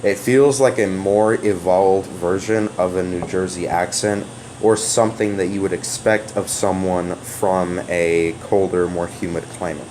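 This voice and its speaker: Low-voiced man rambling through an explanation. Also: fairly even intonation, measured pace, a little mellow, a little hiss or hum, low-quality recording. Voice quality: open, sonorous voice. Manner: rambling and hesitant, with many fillers and restarts. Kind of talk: casual spoken explanation to a viewer. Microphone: off-camera voice recording.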